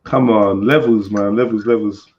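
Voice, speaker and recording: A man's voice: fairly low pitch, steady tone, moderate pace. Laid-back man with slang. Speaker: live stream host. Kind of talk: casual group chat on a live stream. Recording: slightly dull lo-fi stream audio.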